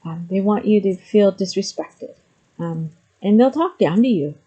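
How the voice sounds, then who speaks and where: Earnest woman, mellow voice, muffled sound. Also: mid-range voice, expressive, a little slow, breathy edge. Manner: frequent ums, hesitant then emphatic. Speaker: vlogger sharing personal story. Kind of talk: candid personal talk to camera.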